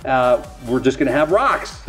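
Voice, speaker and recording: A man's voice: mid-range voice, sing-song, moderate pace, faint music behind. A middle-aged man rambling casually to camera while opening card packs, with self-mocking, folksy asides.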